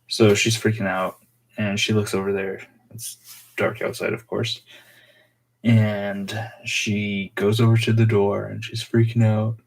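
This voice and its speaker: A young man telling a personal story on his vlog in a rambling, halting way full of fillers. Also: fairly low pitch, little pitch movement, vocal fry. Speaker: vlogger.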